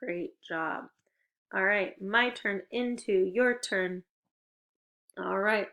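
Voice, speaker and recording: Woman teacher for a kids' video lesson: mid-pitched, encouraging, spells out words slowly. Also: fairly bright tone. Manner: encouraging, clearly paced instructions; stretches out target words slowly. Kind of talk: recorded video lesson for children.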